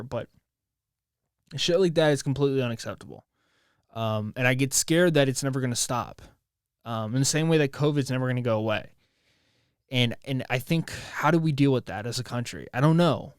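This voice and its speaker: Speaking from beside his bed at home, a US podcast host delivers an emotional solo monologue, stopping and starting repeatedly and cursing often as he grapples with difficult feelings. The recording is close and dry with barely any echo, capturing his clear, resonant, mid-pitched voice.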